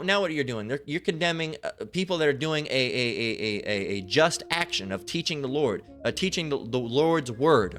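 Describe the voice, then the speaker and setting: A man's voice: on the high side, a bit bright. Profane rambling man preaching. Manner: rambling, repetitive, swears a lot. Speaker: religious commentator. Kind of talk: profane casual preaching rant.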